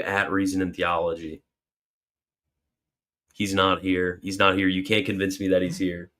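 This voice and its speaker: Hosting a casual livestream Q&A, a man reads viewers' super chats aloud, meets them with jokey mock alarm, then explains earnestly. His voice is low and fairly bright, with a level tone and moderate pace.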